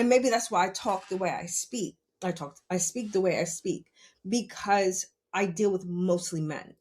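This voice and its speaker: Blunt middle-aged woman giving advice on her podcast, swears a lot, laughs, keeps asking "you understand?". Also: medium pitch. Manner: blunt, profane, laughs often, rhetorical questions. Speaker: podcast host. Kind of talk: casual advice monologue.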